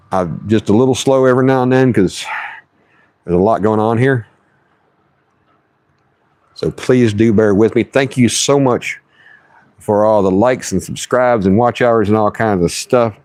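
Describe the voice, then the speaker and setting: A man's voice: lowish voice, darkish tone, no echo. A man live-streaming while he fishes, chatting folksy and casual and reading his chat aloud. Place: outdoors on the water.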